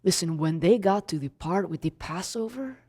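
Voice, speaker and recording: In an excited first-person monologue addressed straight to the audience, a woman portrays the apostle John as a young male disciple and animatedly tells his story. Her voice is fairly low and slightly rough, at a moderate pace.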